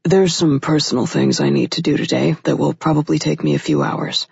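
A woman puts on a brash male cop from a romance audiobook, blunt, profane and bossy. His voice is gravelly and very husky, recorded dry on a dull lo-fi track. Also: low-pitched, lively intonation, brisk, darkish tone, no echo, exaggerated voice. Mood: gruff, teasing. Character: brash, commanding male cop, crude and flirtatious.

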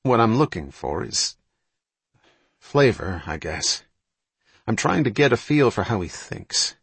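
A sharp, insistent male intelligence analyst, as a man reads him pushes his argument hard in an audiobook. His voice sits fairly low and husky, with a dry, close sound. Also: very animated, measured pace, no echo, full character voice. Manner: pressing, argumentative.

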